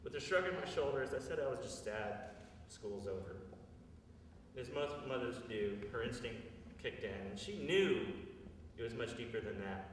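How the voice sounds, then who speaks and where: A man's voice: medium pitch, lively intonation, normal speed, slight background noise. A man in his thirties telling a personal story in an earnest, confessional way at a live storytelling show. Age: 30s. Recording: echoey live hall from far off.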